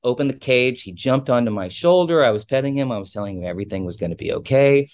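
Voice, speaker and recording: A ship captain telling a personal story in a casual, digressive and openly emotional way. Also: male voice, mid-range voice, expressive, fast talker, darkish tone, dry recording, studio quality.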